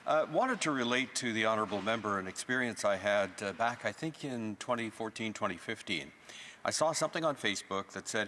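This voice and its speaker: A man's voice: on the low side, animated, fairly quick, bright, forceful tone. A man, a member of parliament, casually telling an anecdote during questions in a legislative chamber. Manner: conversational, anecdotal. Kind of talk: parliamentary floor remarks. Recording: long hall reverb, faint room noise.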